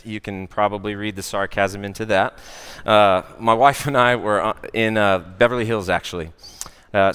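A man with an American accent, a worship director giving a conversational sermon with a personal story, often pausing on "uh" and asking "right?". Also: fairly low pitch, fairly bright tone, clear, resonant tone. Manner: conversational, many "uh" fillers and "right?" asides. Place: church or worship hall. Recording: long church-hall reverb.

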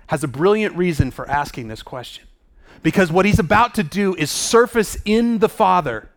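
High-voiced man preaching a sermon. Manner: dramatic, acts out the people in the story. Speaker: pastor.

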